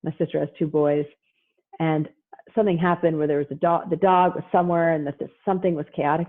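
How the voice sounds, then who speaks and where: A woman psychologist delivers a lively parenting talk with a slightly husky voice. She is animated and slips into playful voices for parents and children. The sound is thin and tinny, like a phone line on a video call. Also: low voice, quick pace. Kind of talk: lively lecture with acted-out quotes.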